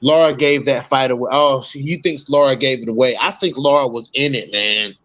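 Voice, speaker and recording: A man's voice: mid-range voice, steady tone, fairly quick, fairly bright tone. An easygoing man co-hosts a casual chat about fights, slangy and given to repeating himself. His voice comes through a dull, lo-fi line. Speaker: co-host.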